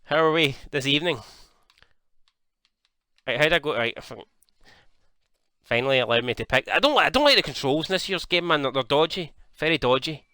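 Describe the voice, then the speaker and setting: Bright excitable man commenting on a game. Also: fairly high pitch, fairly quick, long pauses, clear, resonant tone, no echo. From Scotland. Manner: excitable, swears freely, jokey. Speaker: gaming YouTuber.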